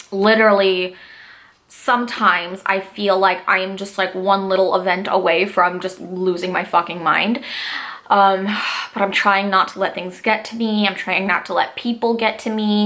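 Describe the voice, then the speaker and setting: Woman, twenties, casual vlog, candid, emotional, swears, bright voice, camera mic. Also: medium pitch. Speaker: vlogger.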